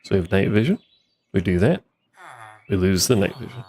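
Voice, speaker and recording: A man's voice: sits low, sing-song, fairly quick, background noise. A man giving casual, rambling commentary while he plays a game, with wry asides to himself, into a desk microphone. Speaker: streamer playing a modded block-building game.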